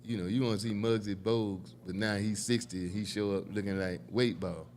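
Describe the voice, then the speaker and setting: An older man hosts a comedy podcast panel, joking loosely and swearing as he goes. His voice sits fairly low, and a faint hiss runs under the talk. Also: steady tone, fairly quick, a little mellow. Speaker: podcast host. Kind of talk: casual panel chat.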